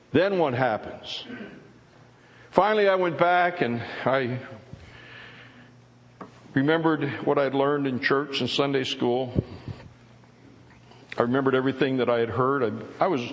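Older man giving earnest church testimony. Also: a little high. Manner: earnest, reflective, halting restarts. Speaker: former prisoner of war giving testimony. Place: church service. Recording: long reverb of a large hall.

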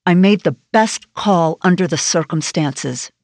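A woman's voice: on the low side, unhurried, darkish tone, dry recording. A woman narrator voicing a brusque woman FBI agent in an audiobook, in a clipped, blunt manner. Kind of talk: audiobook character voice.

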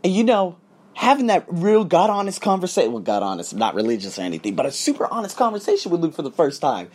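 A man hosting his own podcast, giving an animated, profane, preachy motivational monologue. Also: a little high, quick pace. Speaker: podcast host. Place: abroad, living in Thailand.

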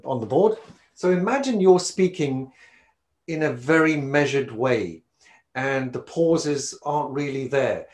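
Lively male speaking coach. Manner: animated, wide swings of loudness and pitch to demonstrate. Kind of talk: presentation skills lesson.

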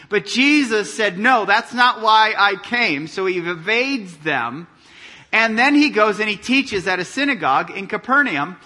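Bright, high-voiced man preaching. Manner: animated preaching, reads scripture aloud, drops to quiet intensity. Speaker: pastor. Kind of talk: sermon.

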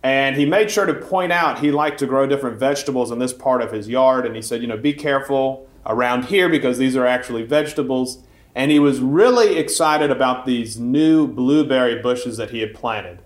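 Priest preaching a homily in a roomy church. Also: male voice, medium pitch, a little fast, few pauses. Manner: conversational storytelling, relaxed with fillers. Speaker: Catholic priest. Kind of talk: homily with a personal story.

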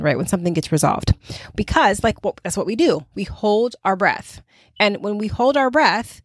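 Woman, lowish voice, casual devotional chat, tag questions, dry close sound. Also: dry recording. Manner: chatty, many "right?" and "okay?" tag questions. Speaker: podcast host.

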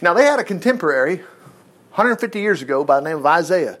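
Animated preacher, high lively voice. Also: male voice, fast. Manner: folksy, animated storytelling, jokes. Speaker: pastor. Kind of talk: sermon.

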